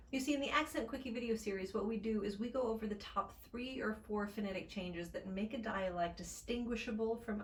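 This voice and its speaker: A woman's voice: fairly high pitch, slight background noise. Woman, young adult, speech coach, chatty accent lesson, playful asides, roomy echo. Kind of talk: upbeat accent lesson to camera.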